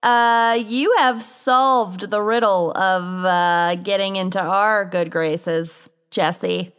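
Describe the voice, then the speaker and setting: Very slow, wisecracking podcast woman. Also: medium pitch, steady tone, a bit bright, clean tone. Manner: laid-back, wisecracking, swears casually. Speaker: podcast co-host. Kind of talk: casual chat reading patron thanks.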